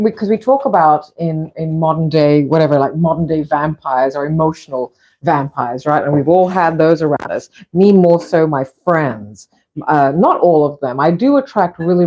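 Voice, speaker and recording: A woman's voice: deep voice, dark tone, highs cut off. A middle-aged woman from Fiji chatting in a rambling way while filming a cooking session in her home kitchen. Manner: rambling, chatty, frequent restarts. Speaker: vlog host.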